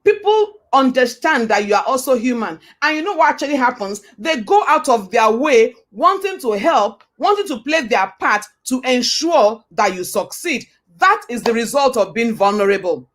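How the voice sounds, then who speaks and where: A woman with a fairly high voice delivers a motivational talk. She hammers each point home by repeating it and throwing rhetorical questions at the listener. Her delivery has a preacher's cadence. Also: very animated, moderate pace. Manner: emphatic and repetitive, with rhetorical questions; preacher-like, quotes scripture. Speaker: motivational speaker.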